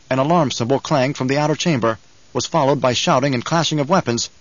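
A man's voice: medium pitch, quick pace, no echo, lo-fi sound. Man narrating an audiobook, dry and close. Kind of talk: scripted narration.

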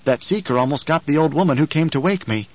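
Guy reading a calm young noble, flat matter-of-fact tone, kinda muffled lo-fi audiobook sound. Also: a little high, quick pace, lightly acted. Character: young man, a duke's son, calm and watchful.

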